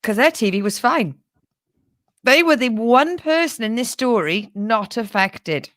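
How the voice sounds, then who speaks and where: A woman's voice: a little high, expressive, measured pace, a bit bright, no echo. A woman co-hosting a comedic news chat show, rambling, swearing and laughing as she tells a story. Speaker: co-host.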